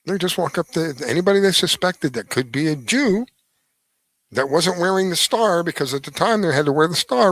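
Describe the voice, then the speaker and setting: Animated middle-aged male radio host. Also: a little high, dry recording, low-quality recording. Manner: rambling, restarts, animated emphasis. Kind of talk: opinion monologue.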